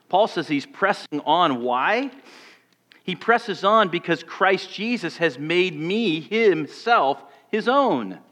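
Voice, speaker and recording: Preaching man in a reverberant church. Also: high voice. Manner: storytelling, shifts between loud and hushed. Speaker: pastor. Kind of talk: sermon.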